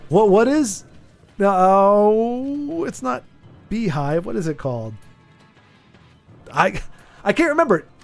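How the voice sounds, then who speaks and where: A man's voice: sits high, sing-song, slow pace, creaky, long pauses, soft background music. An American man streaming a game, rambling casually and chatting with his viewers. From United States. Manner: rambling, chatty, lots of restarts, reads chat aloud. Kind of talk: casual chat while gaming.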